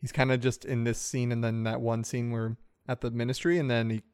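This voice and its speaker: A man chatting casually about a movie as a podcast co-host, relaxed and hesitant, with many ums. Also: medium pitch, a little fast, smooth, dry recording, studio quality. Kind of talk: casual chat about a film.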